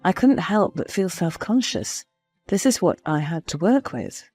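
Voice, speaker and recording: A woman tells her own story in a confiding, expressive voice that moves widely in pitch. Her voice sits slightly low, and soft music plays underneath. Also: measured pace, breathy edge, dry recording. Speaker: narrator. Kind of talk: first-person story narration.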